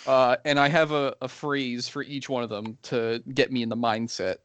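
A man's voice: mid-range voice, fairly even intonation, moderate pace, a bit bright, smooth, dry recording. A young man co-hosting a casual podcast with friends, laughing often and restarting his sentences as he rambles. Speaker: podcast co-host. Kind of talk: casual chat.

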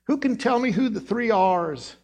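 Animated, husky-voiced Midwest preacher. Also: male voice, high-pitched, normal speed. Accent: American Midwest. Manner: animated storytelling, acting out voices and accents. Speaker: pastor. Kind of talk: sermon. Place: church sanctuary.

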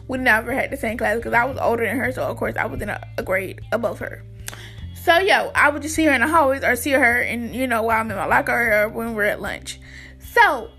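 A young woman with a high voice, telling a storytime in a chatty, slangy way. She speaks straight to her viewers and calls them y'all. Faint music plays underneath. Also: bright, forceful tone, husky. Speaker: vlogger. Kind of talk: casual storytime.

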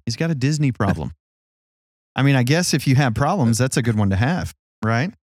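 A man's voice: mid-range voice, very animated, moderate pace, a little mellow. A man who is a senior adult pastor, co-hosting a casual church podcast and joking and teasing with fillers.

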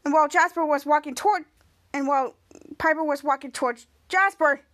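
High-voiced woman rambling through a recap. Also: fairly quick, a bit bright. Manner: rambling, self-correcting retelling. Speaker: podcast host. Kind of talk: casual episode recap.

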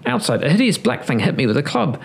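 A man voicing a terrified, babbling male robber who speaks in shrill, breathless cries. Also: sing-song, quick pace, creaky.

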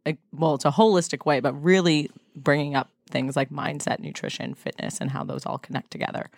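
A woman hosting a podcast in casual chat, chatty and quick to tell stories and jokes. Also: sits low, gravelly, no room sound, clean studio sound. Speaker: podcast host.

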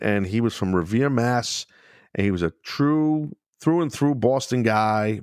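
A middle-aged man hosting a podcast, telling wrestling stories in a loose, profane, animated way, laughing often. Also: on the low side, no echo, clean studio sound. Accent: New York. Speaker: podcast host, former wrestler. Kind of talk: casual storytelling chat.

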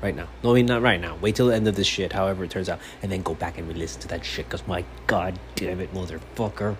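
A man's voice: low-pitched, fairly even intonation, fast. A man hosting his own sports fan podcast, delivering a profane, fired-up monologue. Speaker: podcast host. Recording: faint background noise.

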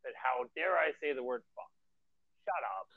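A man's voice: medium pitch, moderate pace, creaky, no room sound. A man who wrestles for a living telling stories in a casual podcast chat, blunt and profane, ranting with energy. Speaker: professional wrestler guest. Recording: dull lo-fi sound, dry.

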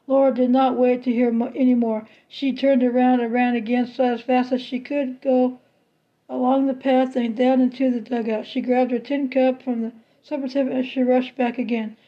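A woman reads a children's novel aloud in a high, level, unhurried voice, keeping a steady, plain delivery with small restarts. The recording is lo-fi, slightly dull and a bit muffled.

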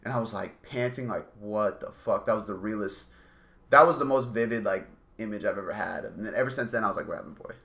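Dude rattling off a dream story fast, kinda low voice, lots of likes and rights. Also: male voice, fairly bright tone. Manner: rambling, swears a lot, many likes and rights. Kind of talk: casual chat, storytelling.

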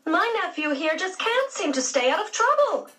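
A woman voicing a stern, high-strung aunt. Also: sing-song, a little slow, fairly bright tone, distant mic, exaggerated voice. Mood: exasperated. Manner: exasperated, haughty. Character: stern, proper middle-aged aunt.

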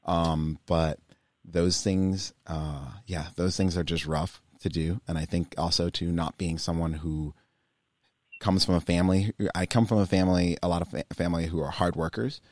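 Man, young adult, deep voice, dry recording, candid, rambling, casual interview guest. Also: fairly even intonation, normal speed, darkish tone, no room sound. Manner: candid, rambling with many fillers. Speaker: guest, climbing business owner.

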